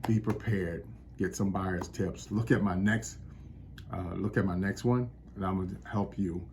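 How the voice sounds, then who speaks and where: A man's voice: low-pitched, steady tone, measured pace, darkish tone, a little hiss or hum. A man, a real estate agent from New York, talking to camera in an encouraging, preacher-like way. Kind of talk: motivational talk to camera.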